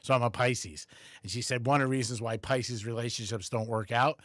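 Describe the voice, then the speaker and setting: A man's voice: mid-range voice, brisk, dry recording. A man co-hosting a radio show, telling stories with lots of laughter and acting out the people he quotes. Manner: animated storyteller, laughs often, acts out quotes. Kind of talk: casual radio banter. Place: radio studio. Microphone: studio microphone.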